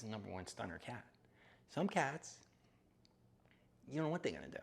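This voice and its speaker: A chatty, jokey man from Florida talks through a casual gardening live stream and chats with his cat along the way. His pitch rises and falls a lot as he talks, and he sounds relaxed and playful. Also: moderate pace, gravelly, husky.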